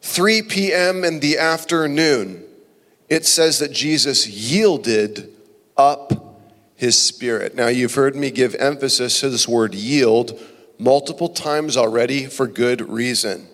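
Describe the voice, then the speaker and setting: A male pastor preaching a passionate sermon, swinging between loud emphasis and hushed, near-whispered phrases. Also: mid-range voice, takes it slowly. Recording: long reverb of a large hall.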